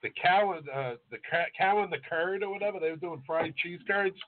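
A man's voice: sits high, fairly quick, a little hiss or hum. Man telling crude stories over tinny audio. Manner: loose storytelling, crude jokes, acts out voices. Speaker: podcast co-host, chef. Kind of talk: casual podcast chat.

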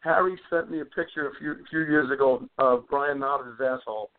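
A man's voice: medium pitch, moderate pace. Middle-aged man telling stories by phone. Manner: animated anecdote teller, repeats words as he talks. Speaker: guest wrestler. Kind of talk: casual storytelling on a phone call. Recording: tinny phone line.

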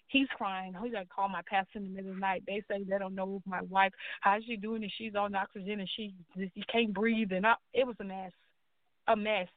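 A woman's voice: mid-range voice, fairly even intonation, a little fast, dry recording. Woman guest, earnest storyteller voicing her quoted dialogue, thin phone-like sound, dry. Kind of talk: personal testimony in a talk show. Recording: tinny phone-like line, dry.

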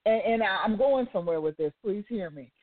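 Speaking a little fast in an expressive mid-range voice, this talk radio host recounts a story, wandering into asides before drawing a faith-based lesson from it. The motivational monologue comes through a tinny line that sounds like a phone.

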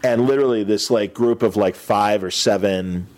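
A man's voice: fairly low pitch, moderate pace, slight background noise. A man from the Chicago suburbs hosting a casual chat and telling stories, acting out the voices of people he met. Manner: animated storyteller who acts out voices of people he met.

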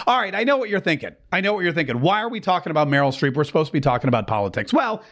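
Animated, high-voiced sarcastic male commentator. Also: very fast, hardly any pauses, slight background noise. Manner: animated, sarcastic, mocking asides. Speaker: political show host. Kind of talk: opinionated commentary.

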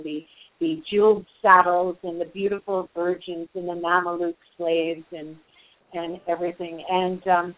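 Woman telling a tale over a tinny line. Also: on the low side. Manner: retells a tale with fillers and asides, acting out the quoted voices. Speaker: Jungian storyteller. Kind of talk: casual oral storytelling. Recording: dry, tinny phone-like sound.

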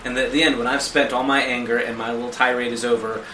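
Fast-talking man in an echoey room. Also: medium pitch, a little hiss or hum. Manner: animated, acts out quoted prayers in different voices. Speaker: podcast co-host. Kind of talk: conversational theology discussion.

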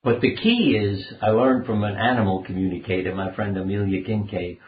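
A man's voice: lowish voice, brisk, a little hiss or hum. An older man, a doctor and author, earnestly telling rambling personal anecdotes as an interview guest. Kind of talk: conversational storytelling interview. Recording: phone-like line in a roomy space.

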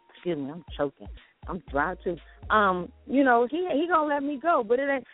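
Halting speaker on a muffled line. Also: medium pitch. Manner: halting, stammering. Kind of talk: casual chat. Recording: muffled phone-like audio.

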